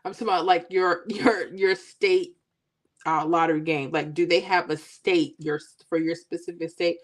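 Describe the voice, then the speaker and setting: A woman hosting a casual livestream, chatting with viewers and teasing them in a playful, animated way. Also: lowish voice, moderate pace. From Florida. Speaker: livestream host. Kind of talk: casual chat with live viewers.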